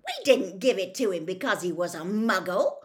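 A woman's voice: mid-range voice, huge pitch swings, normal speed, sharp tone, full character voice. A woman voicing a mischievous teenage boy who speaks cheekily in a storybook reading. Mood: cheeky. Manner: cheeky, indignant.

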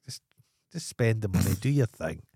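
A Scottish man with a lowish voice trading crude, sardonic remarks on a podcast. He swears freely, and the recording is dry and close. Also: lively intonation, moderate pace, dark tone, slightly rough, dry recording. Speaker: podcast co-host. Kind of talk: casual chat.

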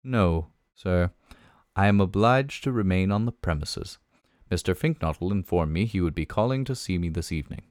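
A man's voice: low voice, animated, normal speed, a little mellow, no echo, clean studio sound, voice pushed down. A man voicing a formal, imperturbable middle-aged male valet in an audiobook reading, clipped and deferential.

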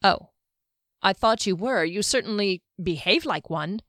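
A woman's voice: medium pitch, expressive, measured pace, fairly bright tone, no room sound. A woman voicing a sarcastic young woman traveler who teases dryly. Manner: dry, sarcastic, teasing.

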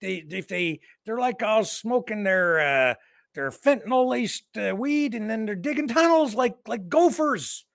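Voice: mid-range voice, animated, a little slow, vocal fry, no echo, studio quality. A co-host of a livestream news show, rambling through joking satirical commentary with mock outrage and lots of fillers. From Canada.

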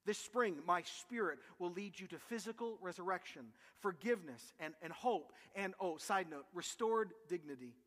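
A man preaching a sermon as pastor, animated and emphatic, with vivid comparisons. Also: high-pitched, normal speed, few pauses, in a large hall.

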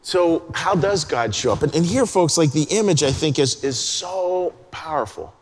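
A man preaching a sermon as a pastor, chatty and conversational, dropping into a soft hush to stress a point. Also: fairly high pitch, animated, normal speed. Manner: conversational, drops to a hush for emphasis. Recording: long hall reverb.

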